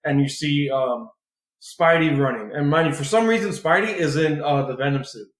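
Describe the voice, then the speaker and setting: A man with a higher-than-average voice co-hosts a podcast at a moderate pace, recounting a comic book casually. He rambles, fills gaps with filler words, and curses without hesitation, all in an echoey space.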